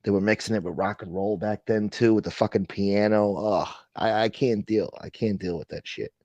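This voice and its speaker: A man's voice: fairly low pitch, fairly even intonation, moderate pace, a little mellow, dry recording, dull audio. Profane rambling man on a livestream. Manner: profane, rambling, reads and answers chat comments. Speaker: livestream host. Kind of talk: casual late-night livestream chat.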